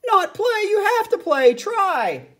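A woman doing a frantic, shrill male conductor. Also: very animated, takes it slowly. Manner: shrill, exasperated.

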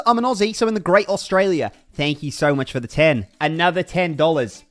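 A man's voice: a little high, brisk, few pauses, fairly bright tone. A man livestreaming a game in casual, upbeat chat, reading out viewer names and thanking donors.

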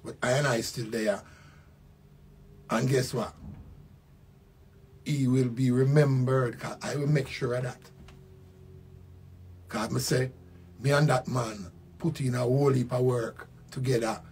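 An older man with a Jamaican accent giving a slow, reflective spoken tribute, repeating his phrases. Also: medium pitch, fairly even intonation, a little mellow. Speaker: musician.

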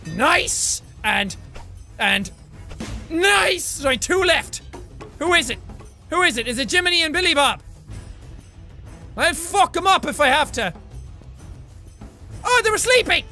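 A young Irish man giving energetic let's-play commentary, swearing constantly and yelping and cheering at the game. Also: very high voice, a little slow, long pauses, faint music behind. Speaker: gaming YouTuber.

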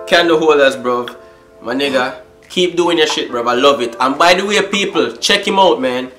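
Over faint background music, a young man with a fairly high, bright voice and lively intonation vlogs an unboxing at normal speed. He's a YouTuber whose hyped slang is full of catchphrases and curse words.

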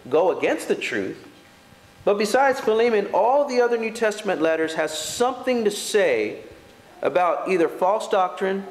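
Earnest high-voiced man preaching. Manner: earnest, rising to emphatic peaks, rhetorical questions. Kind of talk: sermon. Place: church hall. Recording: echoey church hall.

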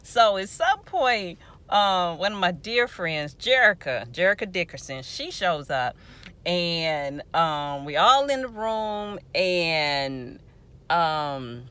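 A woman in her forties telling a personal story to her viewers in an animated, lively way. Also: lowish voice, slow. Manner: animated, lively storytelling with playful quoted voices. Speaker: vlogger remembering a friend.

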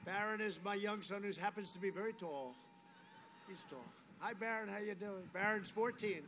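A man's voice: high-pitched, normal speed, a bit bright. A man giving a rambling, boastful rally speech outdoors, full of repetition and asides. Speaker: political speaker at a rally. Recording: noisy outdoor rally audio.

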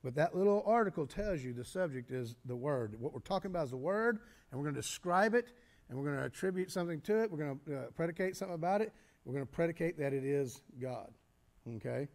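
A man teaching a church Bible study, explaining step by step, posing questions and answering them himself, with frequent halting restarts. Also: on the high side, animated, a little mellow. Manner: halting restarts, clears throat.

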